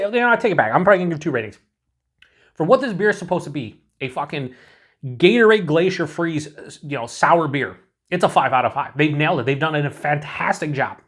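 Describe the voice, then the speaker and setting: A man's voice: fairly high pitch, a bit bright, breathy edge. A man reviewing a beer on his own in a casual, rambling way, full of fillers and restarts, cheerful and swearing now and then.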